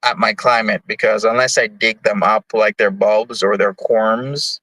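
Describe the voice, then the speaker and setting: A young man from Jamaica chats on his livestream in a rambling, easygoing way and reads out chat messages. He talks unhurriedly and his voice is bright and forward. The sound is dry and close. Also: lowish voice, steady tone, measured pace, no room sound, poor audio. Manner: rambling, easygoing, many fillers. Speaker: livestream host. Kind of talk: casual chat, reading chat messages.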